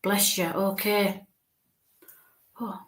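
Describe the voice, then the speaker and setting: A woman medium giving a live reading, speaking haltingly, searching for words, repeating phrases and often checking in with the listener. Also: medium pitch, little pitch movement. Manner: searches for words mid-sentence. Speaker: spiritualist medium.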